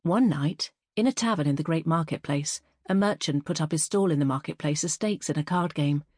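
A woman narrating a first-person fantasy story as an audiobook reader, in a measured, even storytelling manner. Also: low voice, dry recording, clean studio sound.

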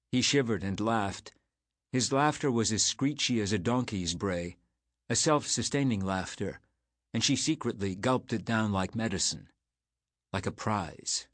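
A man narrating an audiobook in a measured, unhurried way. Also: fairly low pitch, dry recording.

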